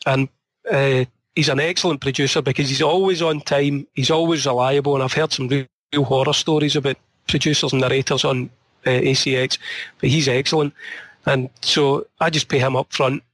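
In a casual interview, a Glasgow-accented Scottish author tells rambling stories in a mid-range, steady, slightly bright voice at a slightly fast clip. The recording is dry, and his voice sounds tired and a little strained.

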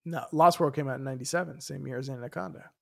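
A man's voice: mid-range voice, fast talker, vocal fry, a bit bright. A man co-hosting a casual movie podcast who asks lots of curious questions and fills his talk with "like". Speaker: podcast co-host.

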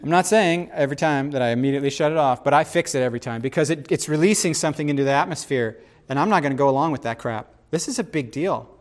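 A man hosting a casual faith discussion, talking in an animated, rambling way with frequent restarts. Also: a little high, fast, hardly any pauses.

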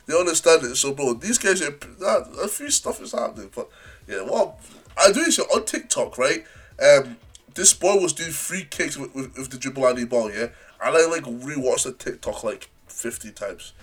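Young man, podcast co-host, animated, laughing, lively pitch. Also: normal speed, slightly rough. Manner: animated, laughing, excitable outbursts. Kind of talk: casual chat.

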